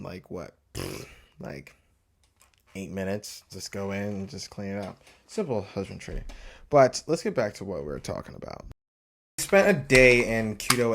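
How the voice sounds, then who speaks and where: A man's voice: on the low side, a little hiss or hum. Young guy rambling thru a travel vlog at home, lots of likes and ums. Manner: rambling, loose, lots of filler words. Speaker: vlogger. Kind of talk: casual travel vlog chat.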